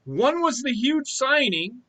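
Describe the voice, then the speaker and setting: A man's voice: extremely high pitch, big pitch swings, takes it slowly, bright, forceful tone. A man co-hosting a sports podcast, ranting with heavy profanity in a casual chat. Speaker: podcast co-host.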